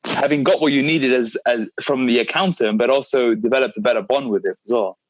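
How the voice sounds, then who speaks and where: A man hosts a relaxed fitness chat and leads it along with questions. His voice is mid-pitched. The sound is dry and slightly muffled. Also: brisk, dry recording. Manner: conversational, steering the talk with questions. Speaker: podcast host and fitness coach. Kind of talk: casual podcast chat.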